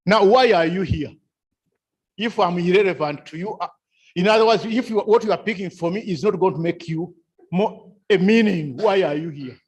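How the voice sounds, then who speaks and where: Husky, high-voiced lecturer. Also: male voice. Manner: repetitive, rhetorical questions, chuckles often. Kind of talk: seminar lecture. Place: seminar room.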